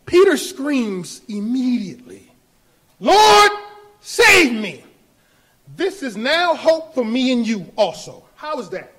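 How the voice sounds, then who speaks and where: A male pastor preaching a sermon, building from quiet talk to shouted appeals with laughter in between. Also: very high voice, big pitch swings, a little slow, hardly any pauses. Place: church.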